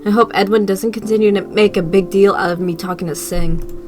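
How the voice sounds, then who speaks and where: A young woman reading a visual novel aloud as a video creator, with loud, playful outbursts. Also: medium pitch, steady tone, fairly quick, soft background music.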